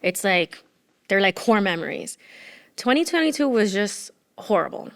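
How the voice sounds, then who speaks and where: A woman in her thirties talks openly as a podcast guest, her voice sitting in an ordinary middle pitch. She rambles emotionally and leans on "like" as she goes. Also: very animated, normal speed. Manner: emotional, rambling with many "like" fillers. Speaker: podcast guest, former entrepreneur. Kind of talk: candid conversational storytelling.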